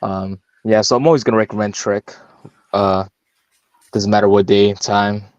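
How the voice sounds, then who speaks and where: Male podcast co-host, a bit low, unhurried and halting. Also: fairly even intonation, no echo, muffled recording. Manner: hesitant, halting with many fillers. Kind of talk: casual podcast chat.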